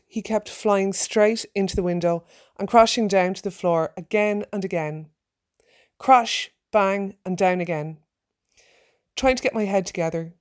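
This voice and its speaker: A woman reading a personal story aloud, acting out her own shouted lines with energy. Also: mid-range voice. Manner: lively, acts out her own shouted quotes.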